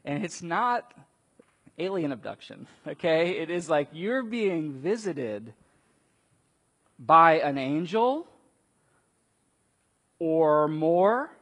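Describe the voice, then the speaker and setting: Animated preacher in an echoing hall. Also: male voice, a little high, very slow, pauses often, breathy edge. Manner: animated storytelling, acts out quotes with big swings in loudness. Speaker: pastor. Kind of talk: sermon. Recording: long reverb of a large hall.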